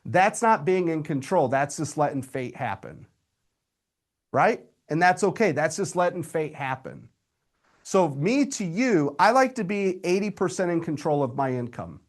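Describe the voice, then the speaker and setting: A man, coaching real estate agents in a live webinar, energetic and direct with his audience. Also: on the high side, unhurried. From Indiana, USA.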